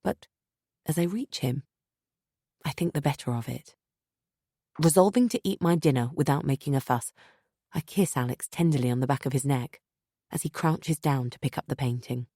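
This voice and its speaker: A woman narrating a first-person thriller audiobook in a measured, tense way. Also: very deep voice, mellow, no room sound, clean studio sound.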